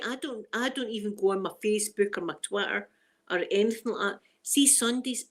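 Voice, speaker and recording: Scottish woman, live-stream host, rambling chatty delivery, laughs easily. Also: mid-range voice. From Scotland. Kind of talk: casual chat with live viewers.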